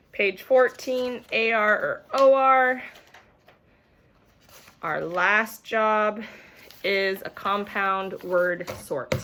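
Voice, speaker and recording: Bright-voiced woman teaching children slowly. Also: medium pitch, slight background noise. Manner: patient, sounds out words slowly. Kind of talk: remote phonics lesson for young children. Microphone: camera mic.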